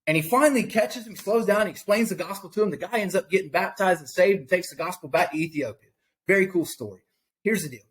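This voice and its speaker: A man's voice: high voice, fast talker. Impassioned man preaching determination. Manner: impassioned, preachy, repeats himself. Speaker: podcast guest. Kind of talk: fervent faith-based motivational talk.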